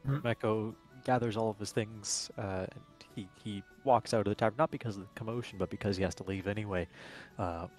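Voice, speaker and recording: A man's voice: on the low side, steady tone, fairly quick, few pauses, darkish tone, faint music behind. A man playing a tabletop game, narrating his character's actions in third person with filler sounds. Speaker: player.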